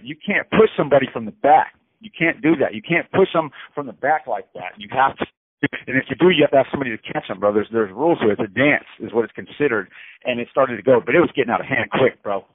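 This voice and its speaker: A man telling a story from prison over the phone in a rambling, animated way, saying "bro" again and again and repeating himself. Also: medium pitch, husky, dry recording. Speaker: incarcerated storyteller. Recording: tinny phone line.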